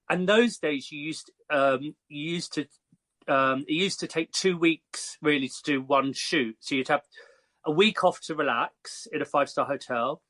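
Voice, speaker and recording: An English man in his fifties, a hairstylist guest telling lively, chatty stories with frequent fillers. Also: a little high. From Croydon, England. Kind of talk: casual storytelling.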